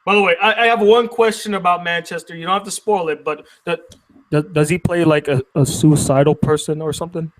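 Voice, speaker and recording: Male host, casual panel talk, higher voice, joking and steering the discussion. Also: steady tone, fairly quick, poor audio.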